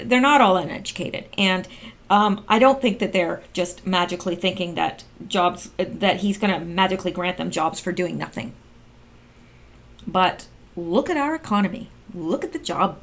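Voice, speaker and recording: Sarcastic woman reading and reacting. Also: lowish voice. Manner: sarcastic, exclaims and reacts while reading figures. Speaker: political commentary vlogger. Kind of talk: casual commentary reading documents aloud.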